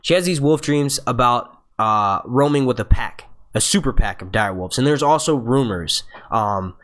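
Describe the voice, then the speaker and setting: In casual live-stream chat, a young man with an animated, medium-pitched, fairly bright voice gets hyped and profane. He keeps telling viewers to like, and his delivery is halting, with stutters and restarts.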